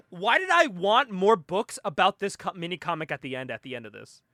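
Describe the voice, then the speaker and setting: A man chatting on a comic book podcast, laughing often and acting out characters in quick voices. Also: sits high, very animated, bright, forceful tone, dry recording, clean studio sound. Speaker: podcast co-host.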